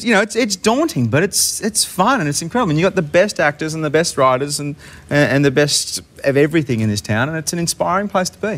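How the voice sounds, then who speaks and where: A man's voice: on the high side, fairly bright tone. Rambling Australian man, actor guest. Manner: rambling, repeats words. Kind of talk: casual chat.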